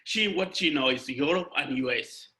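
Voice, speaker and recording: A young man giving an emotional personal testimony over a video call, halting and restarting often. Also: fairly high pitch, pushed and bright. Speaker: guest speaker.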